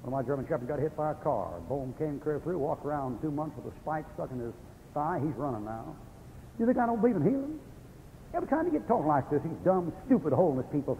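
Fiery older preacher on tinny radio. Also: male voice, a little high, big pitch swings, fast talker, creaky, a little hiss or hum. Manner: folksy storytelling with sudden angry outbursts and chuckles. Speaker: Baptist preacher. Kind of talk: folksy fiery sermon. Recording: tinny phone-like old radio broadcast in a hall.

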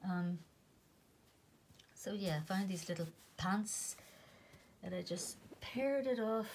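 A woman's voice: mid-range voice, slow pace, pauses often, a little hiss or hum. Breathless Northern Irish woman chatting. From Northern Ireland. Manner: rambling, with soft half-whispered asides. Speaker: vlogger. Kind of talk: casual chat to camera.

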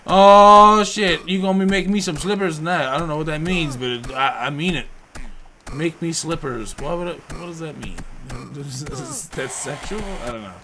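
A man commentating his own video game play, joking around and bursting into loud, profane outbursts. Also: fairly high pitch, normal speed. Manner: profane, excitable outbursts and rambling jokes. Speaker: gameplay commentator.

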